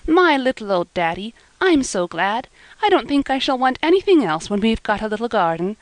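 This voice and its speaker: A woman reading the part of a lively young village girl, bashful and roguish, eager and coaxing. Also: medium pitch, moderate pace, no room sound, natural voice, poor audio.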